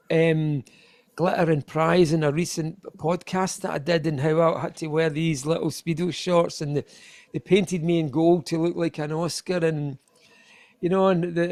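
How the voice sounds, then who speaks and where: Gravelly Scottish man, rambling and laughing. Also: on the high side, darkish tone, no room sound. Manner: rambling, self-deprecating, laughs often. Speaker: guest musician. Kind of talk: casual interview chat.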